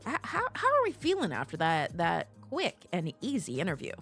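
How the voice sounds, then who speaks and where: Lively, bright-voiced woman streamer. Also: lowish voice, normal speed, faint music behind. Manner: animated and blunt, swears freely. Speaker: live streamer. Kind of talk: casual live-stream chat with viewers. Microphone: streaming microphone.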